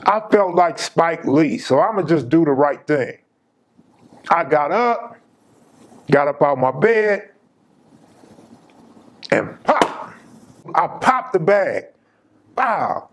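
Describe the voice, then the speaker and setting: Man, channel host, casual storytelling, slang-heavy, emphatic, slightly high voice. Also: expressive, slow.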